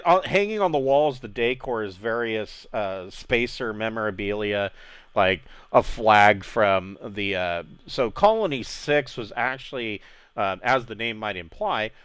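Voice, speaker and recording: A male game master narrates a tabletop session in a loose, rambling way, often breaking into laughter. His voice is smooth and clear, and it sounds dry, with no room around it. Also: medium pitch, a bit bright, no room sound.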